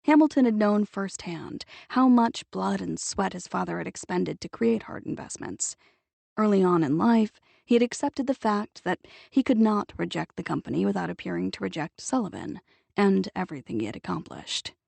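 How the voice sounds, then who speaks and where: A woman reads a novel aloud with a steady storytelling pace. Her voice has a gravelly fry and lively pitch movement, and the recording is dry and close. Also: normal speed, no echo. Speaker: audiobook narrator. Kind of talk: scripted audiobook narration.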